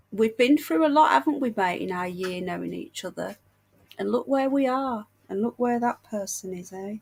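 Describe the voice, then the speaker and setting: Though she's unwell and short of breath, a British livestream host chats casually and warmly with her viewers. She speaks in a mid-range voice marked by vocal fry.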